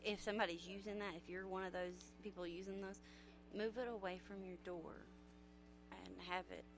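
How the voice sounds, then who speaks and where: A woman's voice: medium pitch, fairly even intonation, moderate pace, over music. A woman guest on a radio talk show, chatting and giving practical tips. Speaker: agriculture extension guest.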